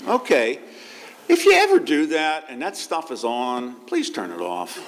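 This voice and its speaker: A man's voice: on the high side, wildly swooping pitch, unhurried, creaky, slight background noise. A man, a pastor, giving a conversational sermon with asides and restarts.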